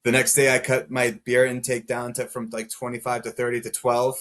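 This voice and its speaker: A man's voice: mid-range voice, flat delivery, brisk. A man in his late twenties, a podcast guest telling his own story in a loose, rambling way, packed with "like"s and short laughs. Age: 20s. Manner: rambling, many filler "like"s, laughs through dark moments. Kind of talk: casual storytelling.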